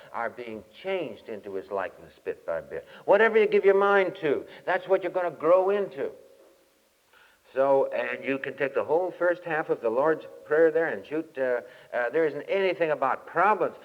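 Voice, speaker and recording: A man, a camp meeting speaker, giving a folksy sermon with lively storytelling and exhortation. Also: mid-range voice. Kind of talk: folksy sermon with humorous anecdote. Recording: dull lo-fi 1967 tape, long hall reverb.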